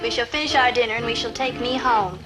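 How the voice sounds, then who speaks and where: A woman's voice: fairly high pitch, quick pace, natural voice. An actress playing a bored, blunt young woman on a date, curt and impatient. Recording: old TV soundtrack with music.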